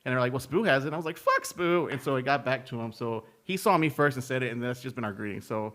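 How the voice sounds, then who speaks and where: A man co-hosting a relaxed podcast, talking at a middling pitch. He rambles and halts, with plenty of fillers and restarts as he reads out shout-outs. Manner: rambling, halting with many fillers. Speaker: podcast co-host. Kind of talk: casual podcast chat.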